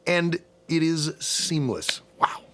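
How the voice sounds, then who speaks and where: A man's voice: a little high, animated, takes it slowly, noisy background. A man, a filmmaker co-hosting a casual film commentary, joking and enthusiastic. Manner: jokey, enthusiastic. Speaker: co-host, filmmaker.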